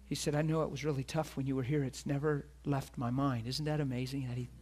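A man's voice: medium pitch, little pitch movement, fast, a little mellow. A middle-aged man preaching a sermon as a pastor, telling a personal story earnestly and acting out the voices of the people in it.

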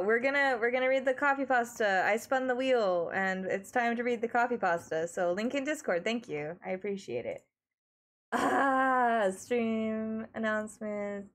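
A woman's voice: on the high side, a bit bright. A woman with an Australian accent, live-streaming in casual chat, giggly and flustered as she talks to her chat.

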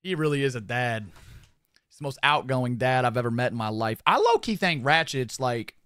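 Young man, streamer, casual storytelling, animated, profane, laughing, bright voice, dry sound. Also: mid-range voice, moderate pace, smooth, no echo.

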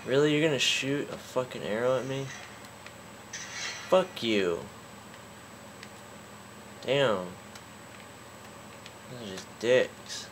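A man's voice: medium pitch, slow, pauses often, a little hiss or hum. Swearing, frustrated male gamer. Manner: frustrated, cursing constantly. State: sore throat. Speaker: gaming YouTuber. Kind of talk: let's play commentary.

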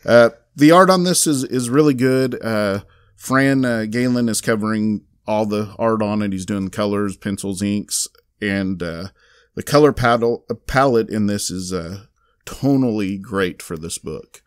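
Low-voiced Southern man recapping a comic. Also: unhurried, clean tone, no room sound, clean studio sound. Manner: rambling recap with many fillers and restarts. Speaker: podcast co-host reviewing comics. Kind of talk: casual podcast chat.

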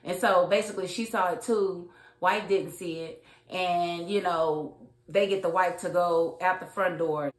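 A woman giving a casual, outspoken recap and review of a TV episode, acting out the characters' lines as she goes. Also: on the low side. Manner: chatty, acts out characters' lines; colloquial, outspoken. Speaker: TV show reviewer. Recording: roomy echo.

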